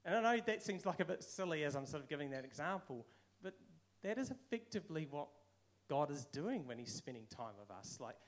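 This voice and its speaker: A man's voice: a little high, big pitch swings, brisk. A man with a New Zealand accent giving a casual, conversational sermon, now and then acting out quoted voices. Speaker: preacher.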